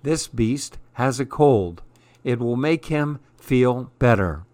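A man reading a storybook, voicing a helpful female vet in a brisk, matter-of-fact way. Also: mid-range voice, lively intonation, darkish tone, no room sound. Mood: practical.

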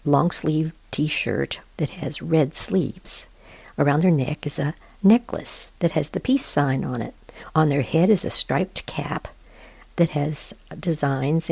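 Gentle, husky-voiced woman reading aloud. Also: low voice, no echo. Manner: gentle, soothing, often breathy and hushed. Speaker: reader of children's books. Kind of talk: reading picture books aloud with picture descriptions.

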